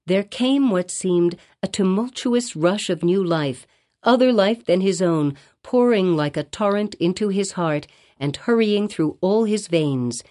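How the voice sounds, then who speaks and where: A woman reading a classic novel aloud as an audiobook narrator, in measured, expressive storytelling. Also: lowish voice.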